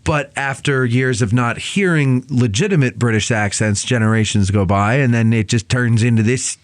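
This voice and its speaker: A man's voice: mid-range voice, normal speed, no echo, clean studio sound. A man hosting a podcast in casual chat, playful and teasing with his guest. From USA. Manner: playful and teasing, jumps into put-on voices. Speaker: podcast host.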